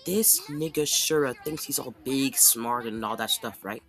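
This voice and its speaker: A man's voice: medium pitch, animated, normal speed, a bit bright. Rambling slangy young man recapping anime. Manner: rambling, slangy, keeps saying okay. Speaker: anime commentator. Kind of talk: casual anime recap commentary.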